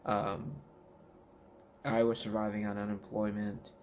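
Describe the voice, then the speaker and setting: A man from Washington State telling his personal story in a vlog, halting with many fillers and restarts, at home in his living room. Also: on the low side, monotone, a little hiss or hum. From Washington State, United States. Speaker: vlogger.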